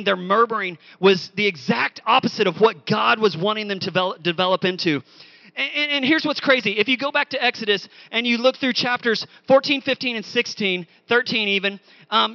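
A man preaching a sermon, telling a story with animated, acted-out quotes. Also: high voice, vocal fry, dry recording, highs cut off. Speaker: pastor.

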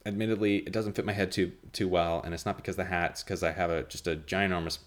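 A man hosting his own podcast, talking casually in a nasal monotone and rambling with lots of fillers and restarts. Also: sits low, fast talker. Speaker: podcast host. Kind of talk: casual solo podcast chat.

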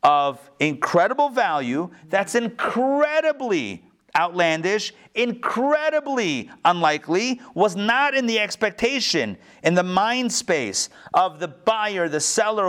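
A man teaching an online Talmud lesson, animated, repeating phrases and asking rhetorical questions, acting out the quotes in the stories he tells. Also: unhurried. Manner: acts out story quotes in varied pitch. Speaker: rabbi teaching a class.

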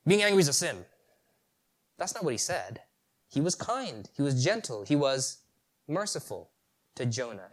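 A man preaching a sermon, animated, asking rhetorical questions and chuckling at the story. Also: a little high.

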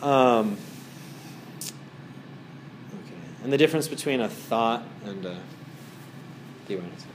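A man's voice: medium pitch, expressive, unhurried, long pauses, slight background noise. A man giving a casual talk as a meditation teacher to a small group in a wellness center, rambling through stories with many fillers.

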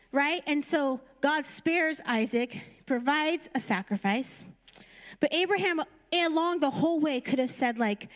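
A woman's voice: sits high, moderate pace. A woman preaching a conversational sermon, retelling a story casually and then urging her listeners on. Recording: reverberant hall.

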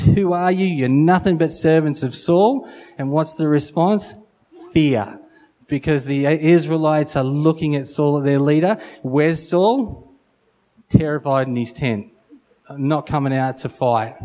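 Mellow-voiced male preacher. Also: on the high side. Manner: acts out quotes, repeats phrases for emphasis. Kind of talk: sermon.

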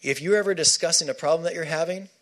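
Emphatic male preacher, slightly high voice. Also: fast, fairly bright tone. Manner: emphatic, repeats key phrases for stress. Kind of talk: sermon.

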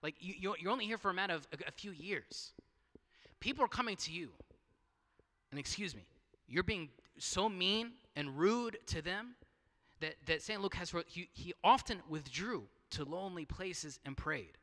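A man's voice: sits high, expressive, moderate pace, sharp tone, in a large hall. A man preaching a sermon in a conversational way, asking rhetorical questions and restarting his phrases. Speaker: pastor.

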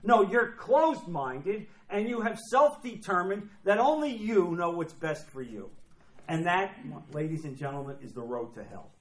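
A man preaching in an emphatic, repetitive sermon style, often slipping into quoted voices. His voice sits high, and the sound carries a roomy echo, as in a church sanctuary. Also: expressive, normal speed, a bit bright. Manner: emphatic, repeats phrases, acts out quoted voices. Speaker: pastor. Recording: echoey room.

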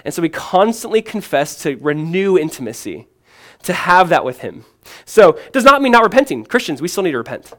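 A pastor delivers a sermon in a high, sing-song voice at a fairly quick clip. He is earnest and emphatic, asking questions and then answering them, shifting from strong proclamation to hushed, conversational asides sprinkled with "man."

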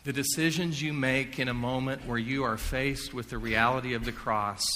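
Earnest preacher in a big echoing hall. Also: male voice, medium pitch, slight background noise. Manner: earnest, drops to a hushed near-whisper for quotes. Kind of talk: sermon. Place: large hall or chapel. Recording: long hall reverb.

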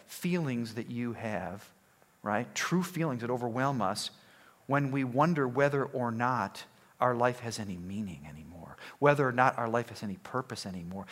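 A man preaching a sermon in an emphatic, conversational way, often restarting phrases. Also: medium pitch.

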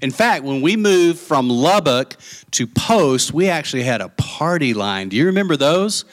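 A man's voice: on the high side, sing-song, normal speed. A man from Texas, preaching a sermon in a folksy, chatty style and telling a boyhood story with questions to his listeners.

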